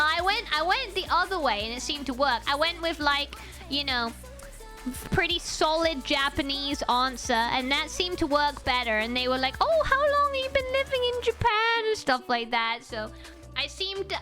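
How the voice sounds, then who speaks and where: A woman chatting to her stream audience in a high, lively voice, bright and a little sharp in tone. She tells stories animatedly, giggling often and tripping over her own restarts. Soft music plays faintly behind her. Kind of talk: casual storytelling to chat.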